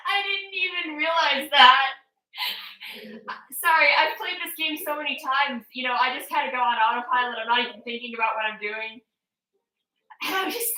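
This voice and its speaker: A woman's voice: high voice, pushed and bright, roomy sound, low-quality recording. A woman streamer chatting casually while playing a game, blunt and opinionated, swearing and laughing easily. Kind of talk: casual gameplay chat.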